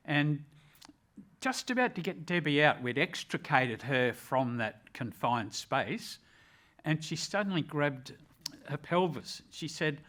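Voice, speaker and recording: Older Australian man, retired rescuer, earnest and measured storyteller. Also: a little high, sing-song, fairly bright tone. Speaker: retired rescue officer, ambulance chaplain. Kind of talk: personal storytelling.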